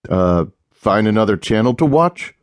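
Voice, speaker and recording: A man's voice: on the low side, lively intonation, moderate pace, smooth, no echo, natural voice. Man voicing a smug, easygoing husband. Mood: wry. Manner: dry, amused, matter-of-fact. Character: laid-back, teasing husband, unbothered and smug.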